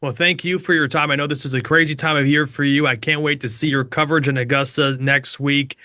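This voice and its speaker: A man hosting a podcast interview, courteous and brisk as he closes the conversation. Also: a little high, fairly even intonation, bright, forceful tone. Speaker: podcast host. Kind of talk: interview wrap-up.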